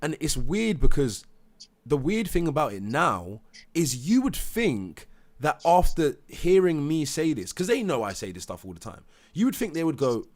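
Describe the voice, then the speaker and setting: Brief: father, heated and animated, mimics others, swears freely. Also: mid-range voice, unhurried. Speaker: parent telling his story. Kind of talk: heated live debate.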